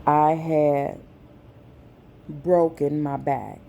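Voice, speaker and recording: A woman vlogger, speaking slowly and with feeling in a personal message to her viewers. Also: deep voice, fairly even intonation, gravelly, mellow, dull audio, a little hiss or hum. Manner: slow, deliberate, emotional.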